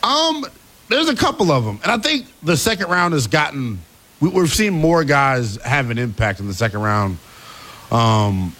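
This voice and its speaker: A man co-hosting a sports talk radio show, giving measured analysis with many pauses. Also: mid-range voice, expressive, a bit bright.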